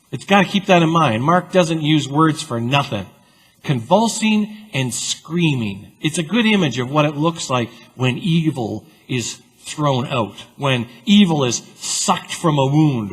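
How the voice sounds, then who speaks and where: A man preaching a sermon as pastor, with a conversational, animated storytelling style full of asides. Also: medium pitch, husky. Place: church sanctuary. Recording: long church reverb.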